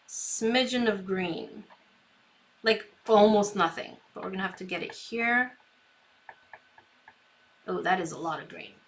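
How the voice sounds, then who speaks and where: Female craft streamer, chatty, giggly, slow pace, bright tone. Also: medium pitch. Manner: chatty, talks to herself, giggles often; reads viewer comments aloud. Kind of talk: live painting tutorial chat.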